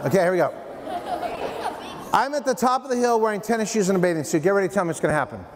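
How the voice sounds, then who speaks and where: A man giving a playful, animated prevention talk to middle schoolers at a school assembly, addressing them directly. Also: high-pitched, racing, a crowd in the background. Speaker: youth prevention speaker. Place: middle school hall, indoors. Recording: long hall reverb, faint room noise.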